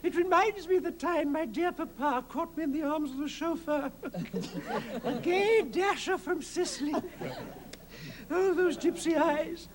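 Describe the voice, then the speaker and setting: A man's voice: extremely high pitch, a little slow, voice pushed up. A man voicing a genteel, theatrical old English lady in a dramatic, mock-sorrowful manner. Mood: mock-tearful.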